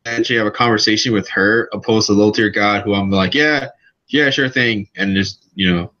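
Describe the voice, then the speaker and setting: Guy on a muffled lo-fi mic, bright edgy voice, trips over his words. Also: fairly low pitch, flat delivery. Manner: halting, stumbles and repeats words. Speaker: podcast co-host. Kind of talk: casual drunk podcast chat.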